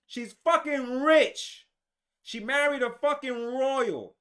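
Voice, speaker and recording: A man hosting his own commentary show, ranting in a heated, profane way and tripping over his own restarts. His voice sits high and sharp-toned. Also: takes it slowly. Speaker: show host.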